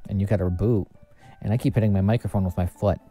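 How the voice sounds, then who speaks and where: A man streaming a video game, chatting casually and muttering asides to himself with quick bursts of cheer. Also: on the low side, steady tone, warm tone. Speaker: VTuber streamer. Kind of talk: casual gameplay commentary. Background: faint background music.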